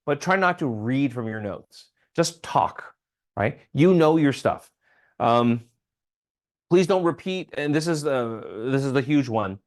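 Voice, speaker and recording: A state legislator gives a casual training talk at a town hall meeting, using frequent ums and restarts and checking in with "okay?". His mid-range voice is animated but slow.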